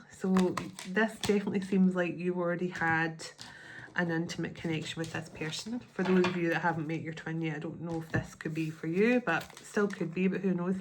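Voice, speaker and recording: A woman's voice: lowish voice, fairly even intonation, a little fast, slight background noise. A woman giving a tarot card reading. She thinks aloud in a chatty way and often restarts her sentences. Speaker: tarot reader.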